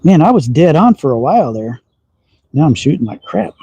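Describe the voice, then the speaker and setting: A man's voice: fairly high pitch, very animated, brisk, mellow, highs cut off, slight background noise. A man from Texas with a slight Southern accent, hosting a casual livestream and chatting while he shoots outdoors. He talks in a folksy, teasing way and chuckles often. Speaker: slingshot livestream host. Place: outdoor backyard shooting range.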